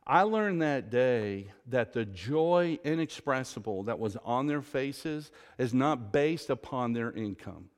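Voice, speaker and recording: A man preaching a sermon as pastor, telling stories with emphatic, drawn-out stresses and saying "y'all". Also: medium pitch, a little mellow, big-room sound. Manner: Southern "y'all".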